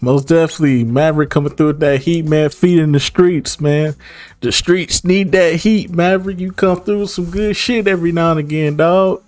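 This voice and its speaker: A man hosting a reaction video speaks in a fairly high voice, hyped and full of slang as he gives his shout-outs. Faint music runs behind him. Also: steady tone, moderate pace. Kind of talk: casual reaction commentary.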